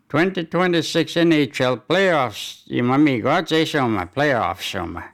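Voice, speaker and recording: A man delivers community announcements and hockey news, stumbling along with many fillers and restarts. His mid-range voice is animated and fairly bright.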